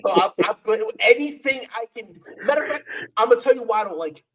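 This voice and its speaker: A man's voice: high-pitched, animated, fast, crowd noise, rough recording. A man co-hosting a sports podcast, talking in a playful, repetitive trash-talk style. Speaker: podcast co-host. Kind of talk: casual sports chat.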